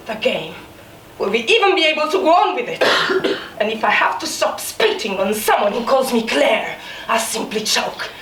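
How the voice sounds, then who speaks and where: A stage actress with a fairly bright voice on the high side plays a bitter, resentful young maid, fierce and scornful, in a live drama. Her sarcastic mockery swings into outbursts, captured from far off in an echoey small theatre by a distant room mic, with faint noise.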